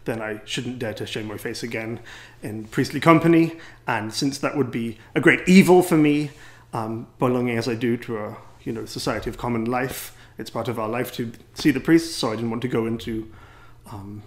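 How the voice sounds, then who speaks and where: An English-accented priest speaks to a gathering in a wry, rambling way, poking fun at himself as he goes. His voice sits at a middling pitch for a man. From England. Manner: wry, rambling, self-deprecating. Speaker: priest and teacher. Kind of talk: anecdotal talk to a gathering.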